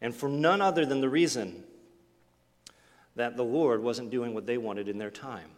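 A man's voice: medium pitch, normal speed. Reverberant male preacher delivering a sermon. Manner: expressive preaching with rhetorical questions, sudden drops to near-quiet. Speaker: pastor.

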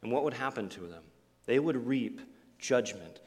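A man preaching a sermon as pastor, asking the congregation rhetorical questions and swinging from forceful lines to hushed ones. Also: medium pitch, normal speed, in a large hall. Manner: expressive preaching with rhetorical questions, sudden drops to near-quiet.

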